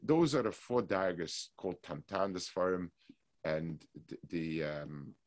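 This is a man with a low voice giving a weekly Torah lecture. He explains at a measured pace, stopping to restart his thoughts, then reads Hebrew passages quickly. The recording is dry and close, with no room echo. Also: expressive. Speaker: Torah class teacher.

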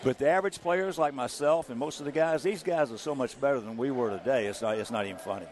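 An older man, a former ballplayer, telling stories as an interview guest in an animated, chuckling way. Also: mid-range voice, fast, background noise. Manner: animated storyteller, chuckling through anecdotes. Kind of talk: anecdotal interview storytelling.

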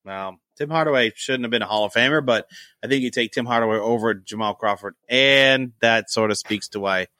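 A man's voice: mid-range voice, a little fast, dry recording, studio quality. A man co-hosting a casual sports talk show, joking and arguing with loose, profane banter. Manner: animated, swearing, jokey, argumentative. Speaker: podcast co-host.

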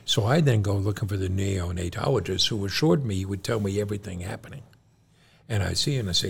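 Middle-aged dad, gravelly low voice, telling a story to his son on a podcast, does the voices of the people in it, slight hiss. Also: fast talker. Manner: animated storyteller, acts out quoted doctors. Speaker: podcast co-host, John's father.

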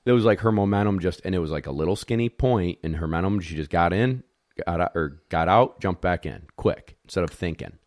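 A man who handles retriever dogs, telling a competition story in a casual, animated way, acting out the dogs and judges, blunt and swearing a little. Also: low voice, a little fast, no echo, clean studio sound.

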